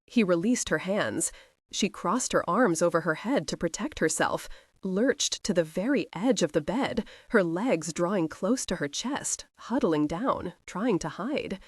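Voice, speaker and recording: Close and dry, with a slightly rough edge, a woman's voice narrates a romance audiobook at a measured pace. Her pitch moves expressively up and down, and the telling feels intimate and warm. The recording is dry.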